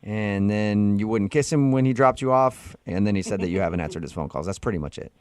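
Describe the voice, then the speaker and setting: A man's voice: on the low side, a little fast, clean tone, dry recording. Guy radio host poking at a caller with teasing questions, dry studio sound. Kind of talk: radio show chat.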